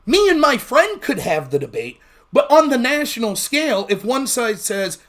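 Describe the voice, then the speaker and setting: High-voiced guy ranting on his livestream, talks fast, swears a lot. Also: big pitch swings, fairly bright tone. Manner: fast-talking, blunt and profane. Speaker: livestream host. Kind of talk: casual livestream commentary.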